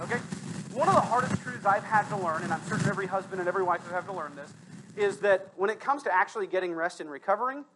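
A pastor preaching to his congregation in church, conversational with asides to listeners, swinging between loud emphatic bursts and quiet low stretches. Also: background noise. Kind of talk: sermon. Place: church sanctuary.

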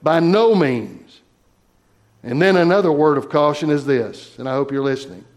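A man preaching a sermon in an emphatic, measured way, slowing down to stress key phrases. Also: a little high.

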